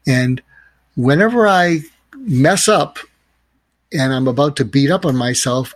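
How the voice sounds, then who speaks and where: A man's voice: mid-range voice, lively intonation, a little slow, pauses often, no echo. Earnest man telling stories as a guest. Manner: earnest, reflective, advising. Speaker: podcast guest. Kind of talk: conversational storytelling.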